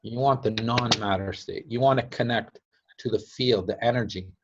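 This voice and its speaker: A man's voice: medium pitch, moderate pace, heavy background noise. A man teaching casually, chatty, laughing often and acting out quotes. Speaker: teacher of a device-building group. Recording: dull lo-fi sound.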